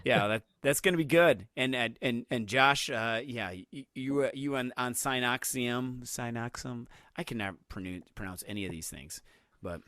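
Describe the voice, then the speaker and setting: A man's voice: medium pitch, moderate pace, pushed and bright, no room sound, clean studio sound. A man hosting a casual podcast chat, rambling along with plenty of restarts and filler words. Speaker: podcast host.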